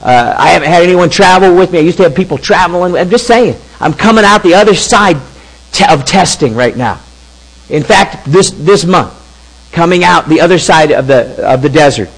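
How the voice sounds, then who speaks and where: Animated high-voiced man preaching. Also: moderate pace, creaky, low-quality recording. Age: 50s. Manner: animated, conversational, with quoted asides. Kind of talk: sermon storytelling.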